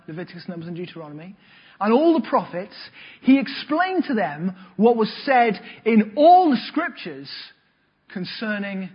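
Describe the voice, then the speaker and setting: A man preaches a sermon, telling his stories with lively energy. His voice sits high and a little husky. The recording sounds dull and lo-fi. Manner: lively storytelling with acted-out voices.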